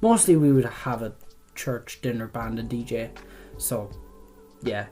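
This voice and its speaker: A man's voice: medium pitch, measured pace, mellow, faint music behind. A young Irish man chatting casually through a quiz, rambling and swearing freely as he trails off mid-thought. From Ireland. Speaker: vlogger doing a quiz. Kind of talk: casual chat.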